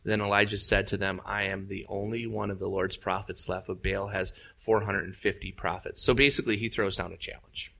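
Gravelly man preaching with animated storytelling. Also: deep voice, brisk, hardly any pauses. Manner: animated storytelling, acts out voices with big jumps up. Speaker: pastor. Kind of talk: sermon.

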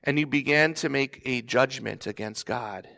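A man's voice: normal speed, creaky, pushed and bright. Man preaching, acting out quotes. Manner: conversational preaching that acts out pleading quotes with sudden raised pitch. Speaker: pastor. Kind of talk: sermon.

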